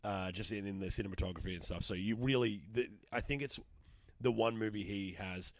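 A man's voice: lowish voice, brisk, dry recording, studio quality. A young adult Australian man talking films casually as a podcast host, enthusiastic, swearing freely and restarting often. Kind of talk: casual film discussion.

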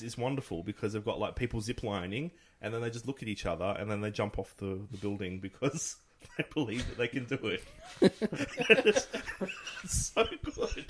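A man's voice: lowish voice, moderate pace. A man in casual podcast chat, describing a film scene at length with many ums. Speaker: podcast co-host.

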